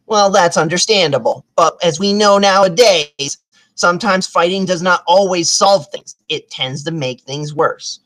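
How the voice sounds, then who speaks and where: A young woman hosting a casual chat about movies, rambling and animated, with many restarts. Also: fairly low pitch, a little slow. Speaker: host.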